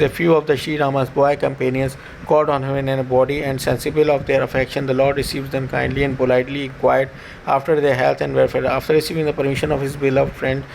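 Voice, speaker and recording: A man recites a scripture translation for a class. He reads haltingly, stumbling over words, and his voice is gravelly and flat. Faint background noise runs beneath him. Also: medium pitch, low-quality recording. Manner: halting reading with restarts and fillers. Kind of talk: reading a scripture translation aloud.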